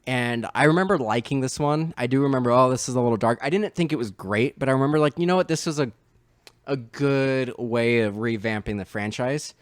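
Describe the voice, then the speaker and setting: Animated young man, dry close mic. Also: mid-range voice, brisk, no echo. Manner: animated, swears, acts out movie lines. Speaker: podcast co-host. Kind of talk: casual film discussion.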